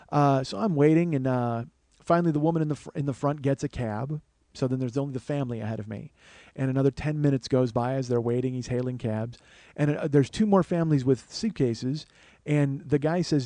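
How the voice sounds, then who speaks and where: Fast-talking, animated comedian in his forties. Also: mid-range voice, dry recording. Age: 40s. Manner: animated, profane, exasperated. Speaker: comedian podcast host. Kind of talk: comic storytelling monologue. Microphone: close studio mic.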